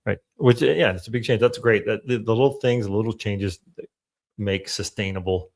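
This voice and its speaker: A man's voice: on the low side, a little fast, darkish tone. Male co-host, casual chat, sums up and moves the talk along. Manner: affirming, recaps and steers topics, stammers. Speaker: podcast co-host. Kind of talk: casual conversational podcast talk.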